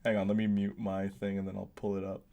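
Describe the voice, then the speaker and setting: A man's voice: low-pitched, completely flat delivery, quick pace, creaky, warm tone. A young man streaming a video game, chatting casually, rambling with lots of restarts and frequent laughter. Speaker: gaming streamer. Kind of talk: casual stream chat while gaming.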